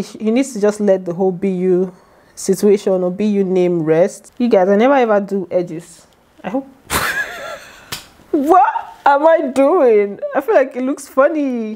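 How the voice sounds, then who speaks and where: A woman's voice: medium pitch, warm tone. A young woman, chatting directly to her viewers in a casual commentary vlog. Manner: chatty, talks straight to viewers. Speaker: YouTuber recapping a reality show.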